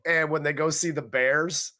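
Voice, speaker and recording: A man's voice: on the high side, moderate pace. A man co-hosting a movie review podcast in casual chat, cursing freely and acting out scenes as he retells them. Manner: profane, animated retelling of scenes.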